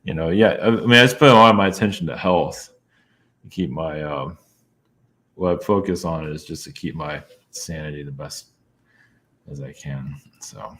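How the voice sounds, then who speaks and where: Deep-voiced, halting male guest. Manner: soft-spoken, halting, many fillers and little laughs. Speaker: guest, channeler. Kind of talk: casual interview talk.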